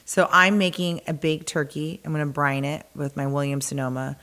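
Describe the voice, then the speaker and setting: A woman's voice: sits low, flat delivery, moderate pace, fairly bright tone. A woman co-hosting a podcast, joking and chatting casually. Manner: joking, playful. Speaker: podcast co-host. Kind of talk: casual chat.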